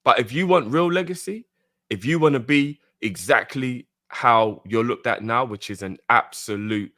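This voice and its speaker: A man's voice: medium pitch, moderate pace, sharp tone, no echo, clean studio sound. A man co-hosting a fan talk show, arguing heatedly and repeating his points insistently. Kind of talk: heated debate, arguing the club's side.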